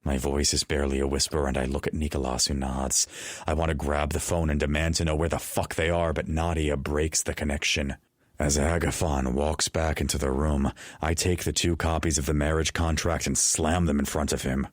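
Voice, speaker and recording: A man narrating an audiobook in the first person, reading in a measured storytelling way. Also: very deep voice, level tone, dry recording, studio quality. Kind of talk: scripted narration.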